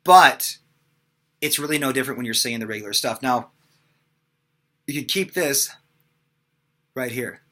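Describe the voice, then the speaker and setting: Young guy teaching high notes, super bright voice, lots of ums, chill lesson vibe. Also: a little fast, pauses often. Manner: casual, talks with many fillers between demonstrations. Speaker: singing teacher. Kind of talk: vocal lesson with sung examples.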